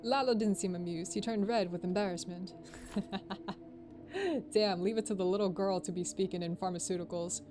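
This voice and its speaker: Young woman streamer reading a game out loud, playful, does voices, bit of hiss. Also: medium pitch, normal speed, pauses often. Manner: playful, laughs a lot, does character voices. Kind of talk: reading a visual novel aloud with voices and commentary.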